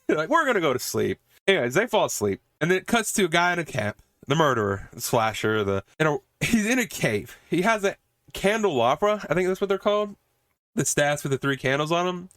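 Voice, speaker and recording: A man hosts a casual movie podcast and retells a slasher film scene by scene. His voice sits a little high and swings widely as he acts out lines, often breaking into laughter and the odd curse. The sound is close and dry, with no room around it. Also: sing-song, brisk, a bit bright, dry recording. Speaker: podcast host reviewing a movie.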